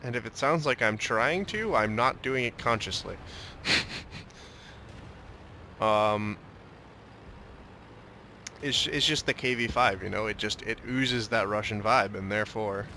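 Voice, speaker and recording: Young male gameplay commentator, bright forward tone, joking mock-Russian asides, faint hiss behind. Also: fairly low pitch, unhurried, long pauses. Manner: joking, drifts into a mock Russian tank-talk.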